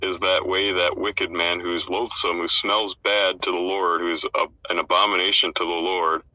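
A man's voice: low voice, level tone, normal speed, pushed and bright, no echo, low-quality recording. A man taking part in an informal Bible study, offering thoughts hesitantly and with many fillers.

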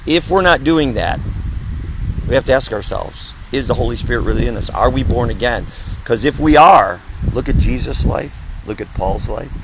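Gravelly, emphatic preaching man in his fifties. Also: medium pitch, animated, moderate pace, noisy background. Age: 50s. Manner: emphatic, insistent, repeats his phrases. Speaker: traveling evangelist. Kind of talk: preaching in conversation.

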